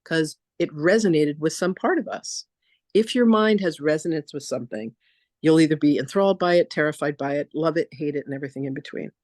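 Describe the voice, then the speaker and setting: A woman spiritual teacher leading a masterclass, telling stories in a chatty, animated way with lots of casual fillers. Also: low-pitched, fairly quick, dry recording, studio quality. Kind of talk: casual storytelling lecture.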